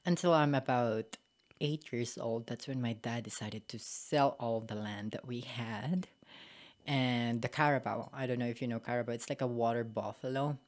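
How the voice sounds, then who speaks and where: A woman's voice: rumbling low, normal speed. A young woman from the Philippines with a Filipino accent, speaking candidly as a podcast guest and often saying "like, you know". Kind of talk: casual interview conversation.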